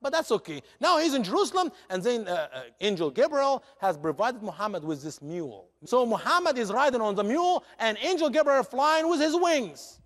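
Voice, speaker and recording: Animated, high-voiced male preacher. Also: fairly quick, few pauses. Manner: dramatic, expressive, non-native grammar. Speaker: guest speaker. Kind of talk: animated sermon storytelling. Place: church. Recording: long church reverb.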